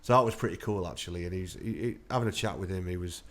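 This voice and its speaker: An army veteran, a man with a low voice, talks very fast as a guest in a casual interview. He spins chatty anecdotes and laughs his way through them.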